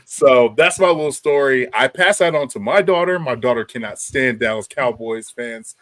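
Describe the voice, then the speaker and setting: A man's voice: medium pitch, normal speed, no echo. A man from South Jersey co-hosting a casual sports podcast, telling stories with lots of repeated words and laughter. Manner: animated storyteller, repeats words, laughs often. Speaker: podcast co-host.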